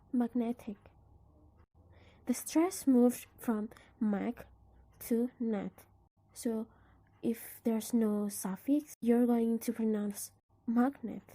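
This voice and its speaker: A young woman with an Indonesian accent, giving a student class presentation on word stress, explaining carefully with examples and often dropping into a breathy near-whisper. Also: fairly high pitch, warm tone. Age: young adult.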